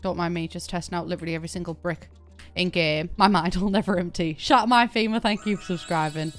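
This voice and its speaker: A woman's voice: on the low side, steady tone, fast talker, soft background music. A young British woman in casual live-stream chat while she plays, rambling, laughing often and swearing offhand. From Britain. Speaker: game streamer.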